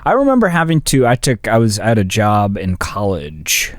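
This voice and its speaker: A man's voice: on the low side, wildly swooping pitch, normal speed. A young man co-hosting a comedy podcast, telling stories in a rambling, stop-start way. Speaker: podcast co-host. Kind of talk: casual comedic chat.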